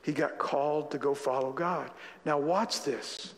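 Pastor preaching with a raised, repeating voice. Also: male voice, on the high side, steady tone, unhurried, hardly any pauses, long reverb tail. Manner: conversational, repeats phrases for emphasis. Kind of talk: sermon. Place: church sanctuary.

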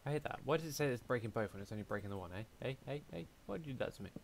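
A man's voice: mid-range voice, animated, racing, vocal fry, slight background noise. A young man giving casual let's-play commentary, chatty, talking to himself and humming as he plays. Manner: chatty, talks to himself, hums and mutters while playing. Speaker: gaming YouTuber.

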